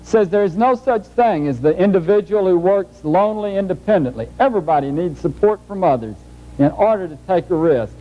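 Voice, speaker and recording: A man's voice: high-pitched, animated, a little fast. Folksy man lecturing on old tape. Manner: folksy, humorous. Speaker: speaker. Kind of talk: lecture with storytelling. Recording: muffled old videotape.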